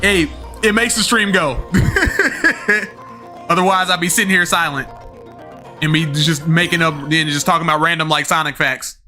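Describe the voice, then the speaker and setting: A man's voice: on the high side, steady tone, moderate pace, bright, forceful tone, faint music behind. A young man streaming a game, chatting to his viewers in a rambling, slangy way, with lots of fillers and the odd swear word. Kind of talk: live-stream chat with viewers.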